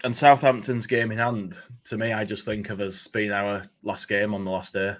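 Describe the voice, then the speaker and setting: Blunt man, lowish voice. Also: level tone, normal speed, a bit bright. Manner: blunt, banters and rants. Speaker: podcast co-host. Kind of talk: casual football podcast chat.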